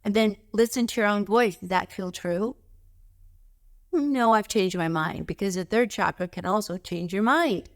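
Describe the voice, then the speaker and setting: A woman teaching spiritual practice, speaking calmly and emphatically as she guides slow breathing exercises. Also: mid-range voice.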